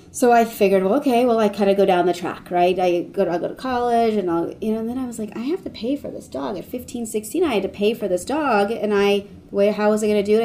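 Mellow-voiced woman telling stories in a chatty way. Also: medium pitch, a little hiss or hum. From Washington, D.C., United States. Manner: chatty, rambling, with frequent fillers and restarts; acts out quoted voices of others. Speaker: veterinary oncologist guest. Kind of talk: casual interview storytelling.

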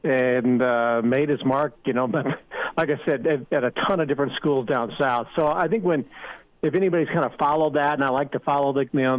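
Male radio guest, dry dull lo-fi line, relaxed wry delivery. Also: medium pitch, dry recording. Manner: relaxed, rambling, dry sarcastic jokes. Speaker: sports radio guest analyst. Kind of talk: casual sports talk radio.

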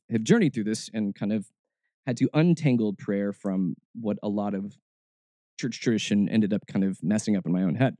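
A man's voice: on the low side, dark tone, no echo. A man hosting a faith podcast, talking in a casual, reflective way and often restarting his words. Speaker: podcast host.

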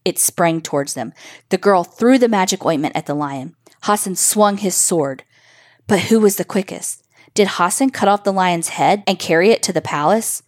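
A woman narrating a children's story aloud in a measured, expressive way. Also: on the low side, no echo, studio quality.

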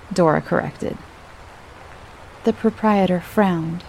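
A woman narrating a short story in a measured, even storybook reading. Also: fairly low pitch, creaky, a little hiss or hum, low-quality recording.

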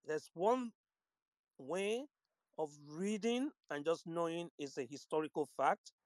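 A man's voice: fairly high pitch, no room sound, low-quality recording. A man calling into a live audio room from London, speaking in a formal and gracious way. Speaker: caller.

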